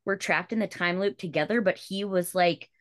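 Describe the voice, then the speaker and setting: A woman's voice: lowish voice, moderate pace, no echo, clean studio sound. A woman co-hosting a podcast in casual chat, opinionated and teasing. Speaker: podcast co-host.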